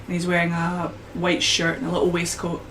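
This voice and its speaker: Female game master, low voice, descriptive, unhurried, restarts. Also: completely flat delivery, a bit bright, slight background noise, poor audio. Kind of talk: narrating a tabletop game.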